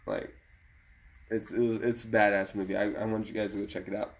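A man's voice: on the low side, flat delivery, brisk, vocal fry. A man co-hosting a casual chat show, laid-back, swearing often and laughing a lot.

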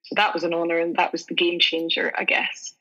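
A Scottish actress with an Aberdeenshire accent, chatting as an interview guest with lots of fillers and restarts. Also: female voice, on the low side, flat delivery, brisk, sharp tone, muffled recording. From Scotland. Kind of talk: casual interview chat.

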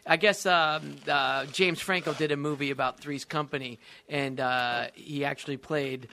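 A male comedian telling a funny story on a podcast, excitable and laughing as he goes. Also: a little high, moderate pace, creaky, a little hiss or hum. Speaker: comedian guest. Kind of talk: animated anecdote telling.

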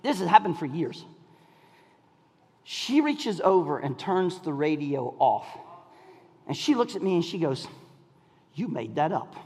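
A middle-aged man preaching a sermon, telling a story in an animated way, often laughing and shouting. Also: on the high side, measured pace, pauses often. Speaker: pastor. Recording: long hall reverb.

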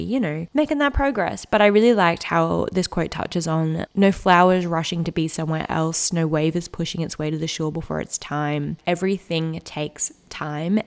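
A woman in her twenties talks alone into a podcast mic, earnest and heartfelt. Her voice sits fairly low and carries a gravelly fry. She speaks in a reassuring, reflective monologue. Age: 20s. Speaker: podcast host.

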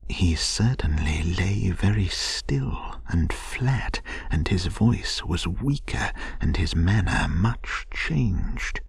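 A man narrating a bedtime story in a soft, soothing manner, often half-whispered. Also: sits low, animated, slow pace, vocal fry, hardly any pauses, husky, dry recording.

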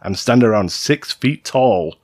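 A man's voice: medium pitch, very animated, a little slow, gravelly, a little mellow, no room sound, studio quality. A man co-hosting a podcast, reading out stories in a casual, jokey way and swearing freely. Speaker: podcast co-host narrating stories.

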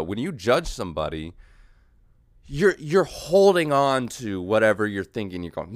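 A man hosting a solo podcast, rambling through a comedic monologue, losing his train of thought and jumping into yelled mock voices. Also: lowish voice, very animated, normal speed, no echo, clean studio sound. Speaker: podcast host.

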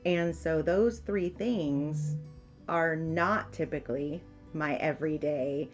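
A woman's voice: low-pitched, slow pace, soft background music. A woman co-hosting a podcast in casual chat, earnest, talking in stops and restarts. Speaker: podcast co-host.

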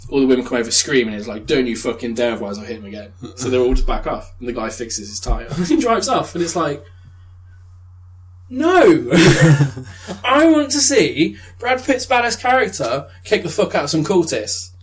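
A man's voice: mid-range voice, fairly quick, hardly any pauses, rough recording. Young man telling a sweary story. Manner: animated storytelling with swearing and laughs. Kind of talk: casual chat.

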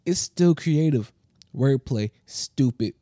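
On a casual podcast, the co-host slowly works through his stories in a mid-range voice, still animated and slangy, peppered with fillers. He's right up on the mic in an echo-free recording.

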